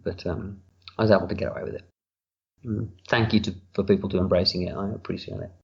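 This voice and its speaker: Low-voiced man giving candid commentary. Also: steady tone, fast, creaky, dull audio. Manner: candid, rambling, swears casually. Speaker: writer-director giving commentary. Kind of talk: relaxed audio commentary. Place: home room.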